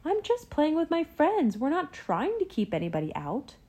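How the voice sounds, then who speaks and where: A woman voicing a young girl bear cub in a storybook reading, with a bright, eager voice. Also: high-pitched, huge pitch swings, moderate pace, pitched above the performer's own voice. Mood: defensive.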